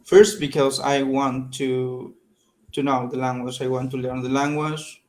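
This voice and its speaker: A man with a Mexican Spanish accent speaks English on a video call, his voice in a middle register and held very flat in pitch. He is a Spanish speaker still building fluency, so he pauses and repeats words as he reaches for them. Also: low-quality recording. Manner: hesitant, repeats words while searching for English. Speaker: English learner, software engineer. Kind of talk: online English lesson conversation.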